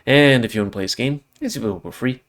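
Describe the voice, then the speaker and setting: A man's voice: mid-range voice, racing, a bit bright. A man hosting a let's play, reading a visual novel aloud dramatically and then chatting casually.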